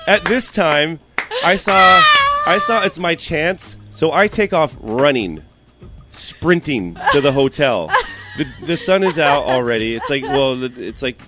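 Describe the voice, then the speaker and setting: A young man hosting a radio show, telling a story in a casual, animated way and mimicking the people in it. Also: fairly high pitch, measured pace, over loud music. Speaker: radio host.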